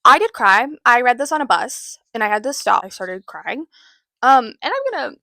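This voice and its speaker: A woman's voice: a little high, sing-song, normal speed, pushed and bright, dry recording. A woman giving a casual book recap, chatty and loose, with lots of fillers and the odd swear. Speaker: book vlogger.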